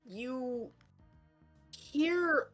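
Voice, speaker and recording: A woman running a tabletop game as game master, narrating with frequent fillers and pauses. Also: high voice, faint music behind. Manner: lively, halting, fillers.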